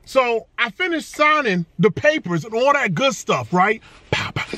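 Energetic male vlogger, high bright voice, playful slang. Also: unhurried. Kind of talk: casual hype vlog talk.

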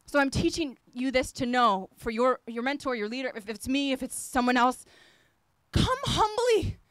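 A woman's voice: high-pitched, lively intonation, normal speed, fairly bright tone, clear, resonant tone, dry recording. A woman apostle preaching a sermon, fervent and emphatic, repeating phrases as she exhorts her listeners.

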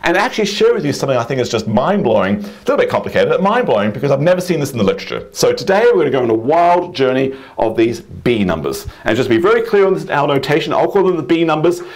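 Enthusiastic man with a lively voice. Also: a little high, quick pace, few pauses. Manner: enthusiastic, animated, exclaiming. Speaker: math teacher. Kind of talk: whiteboard math lesson.

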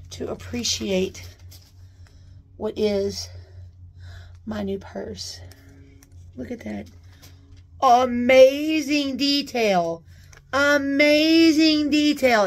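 A woman chatting casually as she unboxes a new purse, gushing with excited exclamations. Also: fairly high pitch, creaky. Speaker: unboxing vlogger. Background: paper crinkling.

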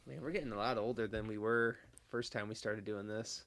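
A man's voice: fairly low pitch, steady tone, a little fast, a bit bright, slight background noise. A man co-hosting a motorsport podcast, chatting casually with dry, wry asides. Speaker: podcast co-host. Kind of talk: casual chat.

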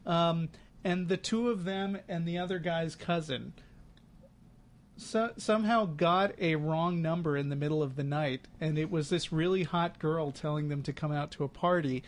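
Man, higher-pitched voice, podcast co-host, casual chat, amused and sarcastic. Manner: chatty storyteller, amused, sarcastic asides.

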